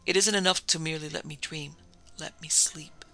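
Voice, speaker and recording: A man's voice: on the high side, fairly even intonation, moderate pace, gravelly, bright, forceful tone, faint music behind, rough recording. A man reading the part of a sleepless man near breaking point, pleading desperately.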